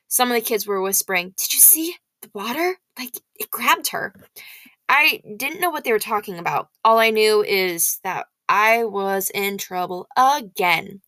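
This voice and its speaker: A woman reading a novel aloud in expressive first-person storytelling. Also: mid-range voice, no room sound.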